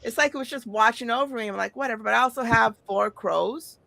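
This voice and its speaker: A woman telling stories in casual chat as host, animated and swearing, acting out quotes. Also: a little high, fast, gravelly, dry recording.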